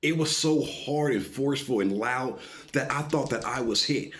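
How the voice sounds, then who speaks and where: Speaking at normal speed in a mid-range voice, a man spins an animated, casual tale. It's packed with profanity and tangents, and he repeatedly pauses to demand the listener's attention.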